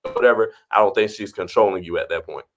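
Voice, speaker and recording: Low-voiced man chatting on a podcast. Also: quick pace, a bit bright. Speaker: podcast co-host. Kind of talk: casual recap chat.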